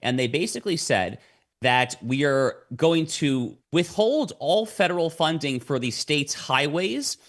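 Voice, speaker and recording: A man's voice: fairly high pitch, lively intonation, unhurried, a bit bright. A man as a podcast guest, explaining at length in a lecturing way and repeating words as he starts his sentences. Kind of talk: explanatory conversation.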